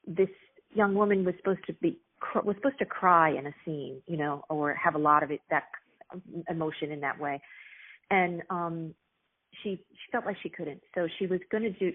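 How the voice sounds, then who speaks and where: A middle-aged woman, an author and actress, telling stories earnestly and reflectively in an interview, with many pauses and restarts. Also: sits low. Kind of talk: casual interview storytelling. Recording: tinny phone-like line.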